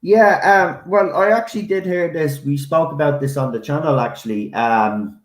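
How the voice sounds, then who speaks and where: A man's voice: fairly high pitch, moderate pace. A man on a stream as a guest, giving blunt opinions in casual chat, often restarting. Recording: echoey room.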